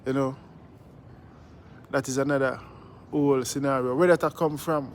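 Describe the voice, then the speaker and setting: A man's voice: medium pitch, steady tone, moderate pace, slight background noise. A man with a Jamaican accent, hosting a casual vlog outdoors, laid-back and preachy, greeting passersby and tagging his sentences. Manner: laid-back, preachy, repeats "you see me" tags. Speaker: vlogger host.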